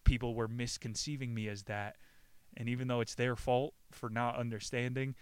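An irreverent man casually recapping a book, swearing freely and laughing as he goes. His voice is smooth and clear. The sound is dry and close. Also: medium pitch, level tone, normal speed, no room sound. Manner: profane, irreverent, laughs often. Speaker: book summarizer.

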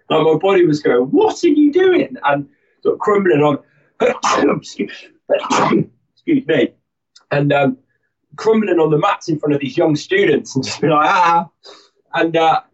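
A man's voice: fairly high pitch, distant mic, highs cut off. A man telling stories as an interview guest, rambling with many restarts and fillers. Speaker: guest, army instructor. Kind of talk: casual interview storytelling.

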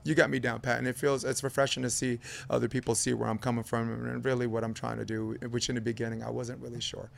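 Podcast host dude, gravelly raspy voice, playful, jokes around a lot. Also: male voice, mid-range voice, flat delivery, quick pace, few pauses, slight background noise. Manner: loose, joking, playful. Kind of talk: casual podcast talk.

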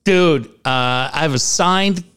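A man co-hosting a casual podcast, laid-back and chiming in with quick reactions. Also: fairly high pitch, a bit bright, clean tone. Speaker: co-host.

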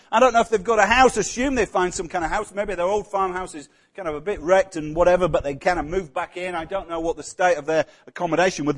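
A man preaching a sermon in a conversational way, often putting questions to the congregation. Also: high-pitched.

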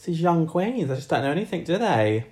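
A man's voice: fairly high pitch, big pitch swings, brisk, a little mellow. A man co-hosting a podcast in casual conversation. He is wry and teasing. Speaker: podcast co-host. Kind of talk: casual chat.

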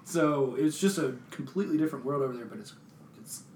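A man's voice: medium pitch, fast talker. A young American man chatting casually with friends, telling stories and acting out what people said, with casual swearing. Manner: animated storyteller, acts out quotes, swears casually. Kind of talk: casual chat among friends. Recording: roomy echo with faint background noise.

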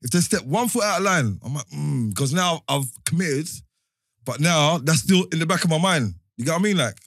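A man talking in a casual chat, animated, his voice jumping high when he gets excited. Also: fairly quick, dry recording, clean studio sound.

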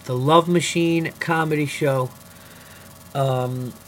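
Goofy rambling New man, higher voice. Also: fairly even intonation, slow pace, fairly bright tone, a little hiss or hum. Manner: goofy, rambling, swearing freely. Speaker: comedian podcast host. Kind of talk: casual solo podcast monologue.

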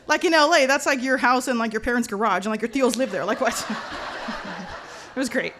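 Animated woman telling a dramatic story. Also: on the high side, moderate pace, background noise. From Los Angeles, USA. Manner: animated, dramatic, sprinkles Spanish slang. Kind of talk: personal storytelling monologue.

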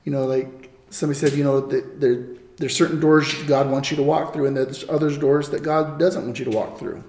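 A man's voice: medium pitch, steady tone, brisk, darkish tone. A man guest in a church interview, speaking earnestly, quoting scripture and firing off rhetorical questions. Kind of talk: casual interview with preaching. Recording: echoey room, faint noise.

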